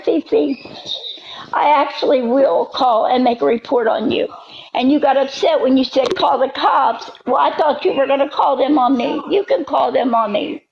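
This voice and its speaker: A hoarse woman ranting on a livestream, her high voice gravelly and strained as she repeats herself and shifts between yelling and prayer. The sound is dull and lo-fi, with a faint hiss behind her. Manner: agitated, repetitive, yelling then praying. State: hoarse, coughing. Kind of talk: emotional livestream rant.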